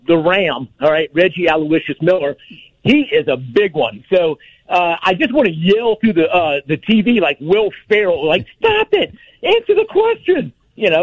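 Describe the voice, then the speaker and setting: Man, radio caller, higher voice, rambling fillers, dull phone audio, dry. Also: no echo. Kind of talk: casual call-in chat. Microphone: phone line.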